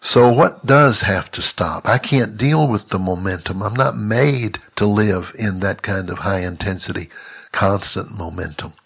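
An older man delivering a monthly teaching message as a ministry leader, earnest and halting, often restarting his words. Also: fairly low pitch, gravelly, fairly bright tone, breathy edge.

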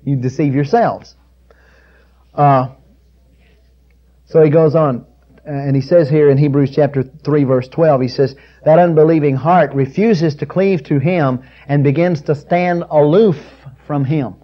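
Emphatic man preaching, muffled recording. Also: a little slow. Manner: emphatic, builds to loud peaks on scripture quotes; drops soft and low on intimate points. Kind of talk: sermon.

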